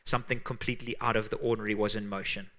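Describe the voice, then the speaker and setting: A man with a Zimbabwean accent preaching a sermon as pastor, earnest and emphatic, dropping to hushed tones for weight. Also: fairly low pitch, level tone, rapid-fire.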